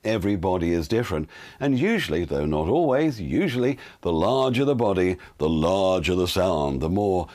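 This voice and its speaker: A man's voice: low voice, lively intonation, normal speed, a little mellow. An older man, a voiceover teacher, giving casual spoken tips with frequent fillers. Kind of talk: casual instructional talk.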